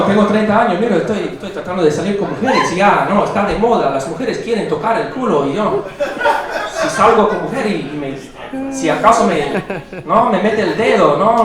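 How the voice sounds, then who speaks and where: A man's voice: sits high, heavy background noise, pitched above the performer's own voice. A man in his thirties voicing his brash Spanish-speaking alter ego, a swaggering stand-up persona, in a roomy club heard from far off with a crowd. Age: 30s. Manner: bold, swaggering stand-up delivery. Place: comedy club stage.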